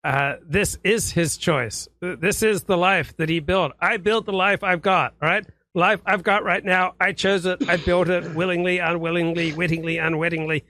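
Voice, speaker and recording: Canadian guy lecturing on a clip, kinda high, bright tense tone, super dry sound. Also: fairly even intonation, normal speed, hardly any pauses, dry recording. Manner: lecturing, philosophizing. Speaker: online commentator. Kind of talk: monologue commentary. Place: played clip.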